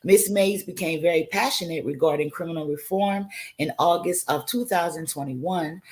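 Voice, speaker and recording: A woman's voice: on the low side, moderate pace, darkish tone. A woman hosting an online talk show, introducing a guest in a friendly, chatty way with casual asides. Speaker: host.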